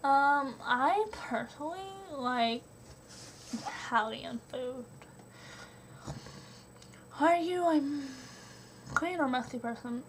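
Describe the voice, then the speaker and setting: A young woman reads out tag questions and answers them in a slow, unhurried way, stopping often for ums and small giggles. Her voice sits a touch high. Faint hiss hangs behind the home recording. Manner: hesitant, many ums, giggly. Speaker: vlogger.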